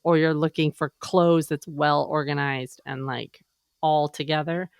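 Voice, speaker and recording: A woman co-hosting a casual podcast chat, animated and chatty as she tells her stories. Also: deep voice, measured pace, smooth, dry recording, clean studio sound. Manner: chatty and animated, slipping into quoted voices. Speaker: podcast co-host.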